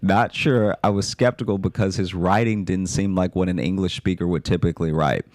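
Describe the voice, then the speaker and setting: A man's voice: sits low, fairly quick, darkish tone, dry recording. A man hosting a podcast, reading listener mail aloud with dry comic delivery. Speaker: podcast host.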